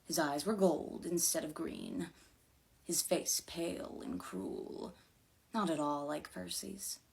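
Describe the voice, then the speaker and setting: A woman reading a fantasy novel aloud in an expressive, dramatic way. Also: deep voice, slow pace, vocal fry. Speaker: reader.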